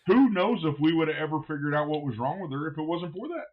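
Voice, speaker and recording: A man who is a barbecue pitmaster, guesting on a podcast and telling stories in a blunt, animated way, swearing freely. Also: on the high side, quick pace, muffled recording. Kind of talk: casual podcast storytelling.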